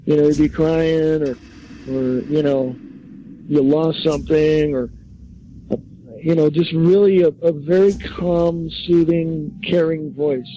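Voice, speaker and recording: A man's voice: fairly high pitch, fairly even intonation, slow, mellow, dull audio, slight background noise. A man acting as a psychic medium on a call-in radio show, hesitant, with many fillers and restarts.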